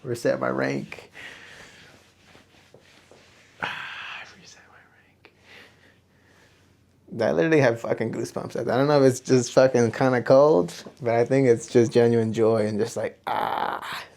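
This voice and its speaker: Young male host, gravelly, mid-pitched, loose profane self-talk on camera. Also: fairly even intonation, a little fast, few pauses, mellow, a little hiss or hum. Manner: rambling, profane, self-reflective. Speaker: podcast host. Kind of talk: casual solo talk to camera. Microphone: camera on a small tripod.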